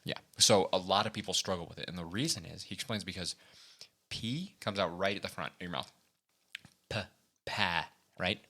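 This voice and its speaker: A man's voice: low voice, moderate pace, pushed and bright. A young man co-hosting a podcast, rambling casually with lots of restarts and laughter. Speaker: podcast co-host. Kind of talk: casual chat.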